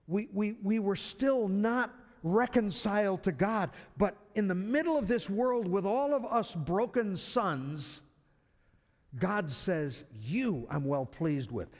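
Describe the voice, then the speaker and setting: A man delivers a sermon in a relaxed, talky way, doubling back on words as he goes. His fairly high voice swoops up and down with energy. The sound carries a long hall reverb. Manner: conversational, repeats words as he restarts. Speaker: preacher.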